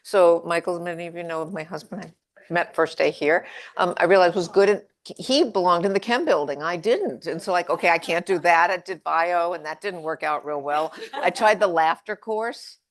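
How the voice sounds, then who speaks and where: A woman moderating an alumnae panel, talking in a relaxed, self-deprecating way. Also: fairly low pitch, normal speed. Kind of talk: casual panel talk.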